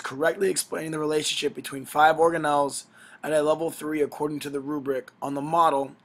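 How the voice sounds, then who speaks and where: A science teacher with a sick, strained voice, giving a brisk recorded lesson that speaks straight to his students. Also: on the high side, fairly bright tone. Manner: brisk, instructive, addressing students directly.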